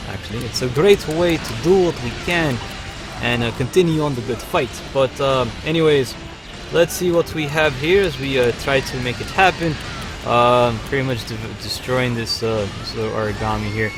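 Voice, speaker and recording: A man's voice: medium pitch, normal speed, music in the background. A man hosting a live gameplay stream, chatting upbeat with frequent fillers as he plays. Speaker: livestream host.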